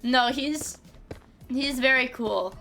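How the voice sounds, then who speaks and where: A woman's voice: sits high, slow, bright, forceful tone, faint music behind. A young woman streaming a game, chatting casually, swearing freely and often restarting her sentences. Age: young adult. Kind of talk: casual gaming livestream chat.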